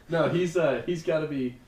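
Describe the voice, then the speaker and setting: A man co-hosting a casual chat show, easygoing and playful. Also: recorded from a distance. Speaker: podcast co-host. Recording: echoey room, off mic, faint rumble.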